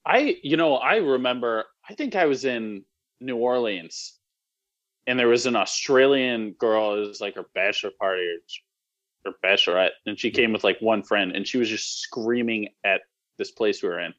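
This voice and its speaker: A man's voice: fairly low pitch, normal speed, fairly bright tone, highs cut off. A man in casual conversation, playfully spinning joking hypothetical scenarios for his co-host. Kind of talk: casual chat.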